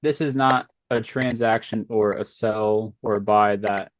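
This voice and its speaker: A man's voice: lowish voice, steady tone, unhurried, no room sound. A male student on a video call, answering hesitantly and searching for the right words. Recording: dull lo-fi call audio.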